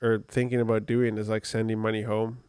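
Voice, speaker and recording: A man's voice: on the low side, little pitch movement, a little fast, darkish tone, smooth, no room sound, clean studio sound. A man co-hosting a podcast, telling a personal story in a rambling, conversational way with many fillers. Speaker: podcast co-host. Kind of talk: casual podcast chat.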